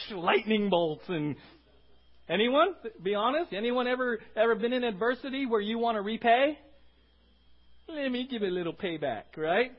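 High-voiced pastor preaching conversationally. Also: male voice, animated, a little slow, muffled recording. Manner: asks the congregation questions, with frequent "right?" tags. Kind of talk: conversational sermon.

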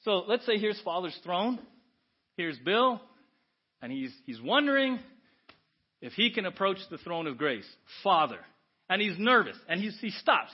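A man delivers a sermon from the pulpit of a church, dropping to hushed asides and then rising to loud, lively exclamations. His voice sits fairly high. The recording sounds dull and lo-fi, like a church audio capture. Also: measured pace, breathy edge. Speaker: pastor. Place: church sanctuary.

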